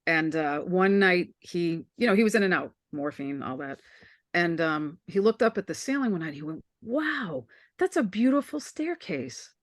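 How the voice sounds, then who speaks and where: A woman's voice: low voice, moderate pace, no room sound, studio quality. A woman, a guest medium on a podcast, telling a family story expressively and acting out the quoted voices. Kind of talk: casual storytelling chat.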